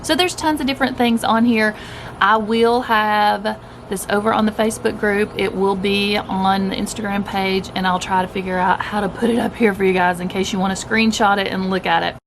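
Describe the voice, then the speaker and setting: A woman's voice: medium pitch, fairly even intonation, normal speed, a little hiss or hum. A woman, chatting casually to camera about her day and food, upbeat and addressing viewers directly. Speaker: keto vlogger. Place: at home, partly outdoors.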